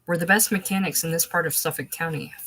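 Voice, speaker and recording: A woman's voice: deep voice, steady tone, quick pace, sharp tone, husky, exaggerated voice. A woman reading aloud voicing a blunt, offhand working-class man.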